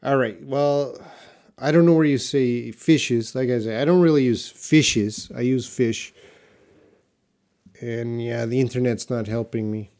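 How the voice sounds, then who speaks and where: A man with a mid-range voice teaches English on a live stream at a measured pace. He reads viewers' questions from the chat and answers them in a relaxed way, thinking aloud with plenty of fillers.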